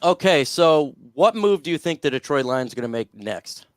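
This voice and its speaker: A man's voice: on the high side, lively intonation, moderate pace, no room sound, clean studio sound. A man hosting a casual sports talk livestream, upbeat, plugging his radio spot between takes. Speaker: host.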